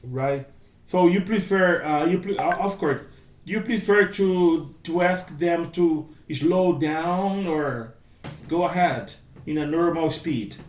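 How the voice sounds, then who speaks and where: Man, Brazilian Portuguese accent, conversation teacher, fairly high voice, heard from across a reverberant room. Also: takes it slowly, a little mellow. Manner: chatty, repeats phrases, acts out quoted lines. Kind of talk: casual conversation class. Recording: echoey room, voice from a distance.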